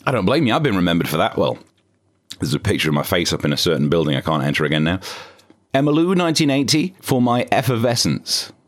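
A British man hosting a comedy podcast, with dry, sarcastic asides in a deadpan monologue. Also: low-pitched, fast talker. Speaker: podcast host.

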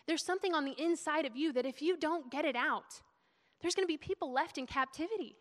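A woman's voice: high-pitched, brisk. A young woman giving a sermon in a chatty, emotional way. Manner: emotional, chatty, laughing preacher. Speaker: preacher. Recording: long hall reverb.

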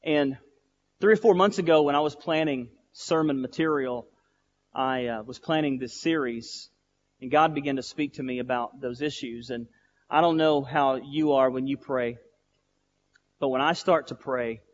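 A male pastor preaching a sermon, telling stories and building from quiet, slow lines to loud, emphatic ones. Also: medium pitch, long reverb tail, dull audio. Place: church sanctuary.

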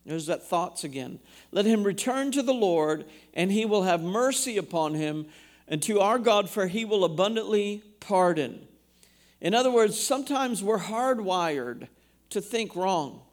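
A man's voice: sits high, lively intonation, a little slow. A man, a pastor, preaching a sermon in a church, reading scripture aloud and asking the congregation questions.

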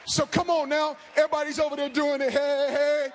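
A man preaching a fervent sermon, talking fast and calling out to the congregation. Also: very high-pitched, little pitch movement, some chatter behind, slight background noise. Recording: long hall reverb.

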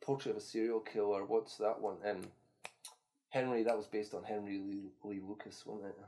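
A man co-hosting a podcast in loose, profane casual chat, now and then bursting into loud excitement. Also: on the low side, moderate pace. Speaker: podcast co-host.

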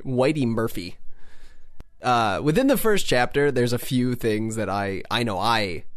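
A man hosting a casual podcast, talking with lively swings up and down in pitch. He restarts sentences often and drops into playful voices. The sound is close and dry, with no room around him. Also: no room sound. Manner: animated, chatty, lots of restarts and playful voices. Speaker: podcast host. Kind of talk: casual chat.

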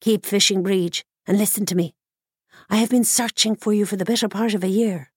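Woman reading wise druid in bird form, calm, steady instructions, dry close sound. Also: mid-range voice, fairly quick, husky, dry recording, natural voice. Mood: instructive.

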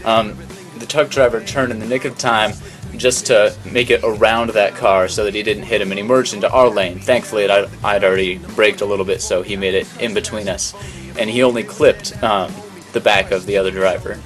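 A man's voice: fairly low pitch, steady tone, fairly quick, soft background music. A man co-hosting a podcast in casual chat, with dry, teasing banter. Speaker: podcast co-host.

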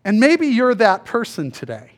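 A male pastor giving a conversational sermon, acting out the people in the story in quick voices. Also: high voice, wildly swooping pitch. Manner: conversational, acts out biblical dialogue in voices.

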